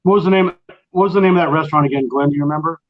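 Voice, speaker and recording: A man's voice: fairly high pitch, very fast, lo-fi sound. A middle-aged man hosting a casual late-night chat and telling a long, rambling story. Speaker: host.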